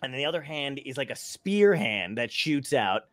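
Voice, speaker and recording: Excitable man, lively pitch, dry sound. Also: normal speed, dry recording. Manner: excitable, laughs a lot, frequent swearing and restarts. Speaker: podcast host. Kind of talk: casual comedic chat.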